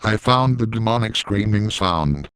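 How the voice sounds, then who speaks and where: Man voicing talking cartoon rocket ship, calm, slow, low. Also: clear, resonant tone, no room sound. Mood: matter-of-fact.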